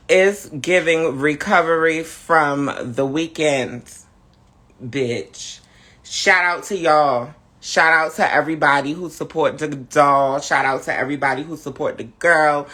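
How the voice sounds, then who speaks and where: A camp, sassy host drawling through a casual live-stream chat, tired and low on energy. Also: male voice, fairly bright tone.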